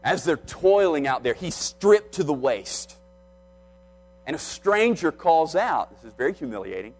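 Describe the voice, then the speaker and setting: A man's voice: medium pitch, sing-song, moderate pace, slightly rough, soft background music, poor audio. A man preaching a sermon, retelling a scripture story and acting out the speakers' quoted lines.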